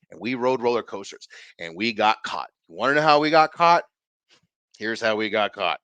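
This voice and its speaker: A man hosts his own podcast, telling a personal story with plenty of swearing and acted-out dialogue. His pitch swings widely as he gets into it, and the recording is close and dry with no room sound. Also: a little fast, smooth, no room sound. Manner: animated, profane, acts out the dialogue. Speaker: podcast host. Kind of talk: casual storytelling.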